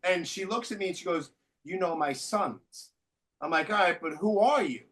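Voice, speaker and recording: A man's voice: sits high, fast. A man hosting a podcast, telling stories in casual chat with lots of swearing. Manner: animated storyteller, swears freely. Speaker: podcast host.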